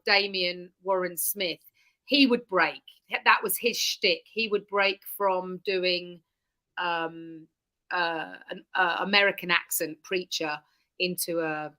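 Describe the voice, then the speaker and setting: An Englishwoman who is a comic performer, chatting lively and animated as the guest of an interview over a video call. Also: on the low side, measured pace. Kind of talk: casual interview chat.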